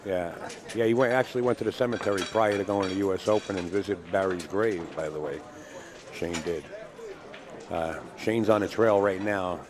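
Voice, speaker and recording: Casting note: chatty New York man, lowish voice, loose rambling pool commentary with restarts. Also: moderate pace, crowd noise. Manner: rambling, self-correcting, chatty. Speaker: stream host and commentator.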